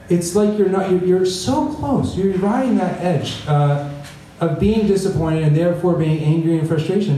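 A man's voice: high-pitched, mellow, slight background noise. Man preaching in a roomy hall. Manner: conversational preaching with frequent "right?" asides. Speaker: pastor. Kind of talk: sermon. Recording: echoey room, voice from a distance.

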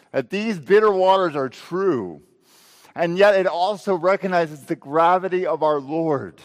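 A male pastor preaching a sermon, asking rhetorical questions and letting his voice swell and then drop low. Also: in a large hall.

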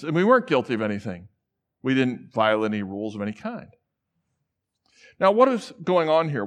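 Speaking in a fairly high pitch, a middle-aged preacher from the central U.S. delivers a sermon to a big congregation. His personal stories come across like conversation, and he performs the voices of those he quotes.

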